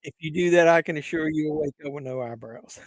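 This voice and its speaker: A man's voice: on the high side, fast talker, no echo. A man hosting a live chat stream, teasing viewers with crude jokes and laughing at his own punchlines. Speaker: livestream host.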